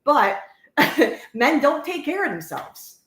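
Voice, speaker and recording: A woman's voice: high-pitched, very animated, slow, crowd noise. A middle-aged woman with a New Jersey accent co-hosting a podcast, blunt and outspoken, swearing freely in casual talk. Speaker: podcast co-host. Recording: echoey room.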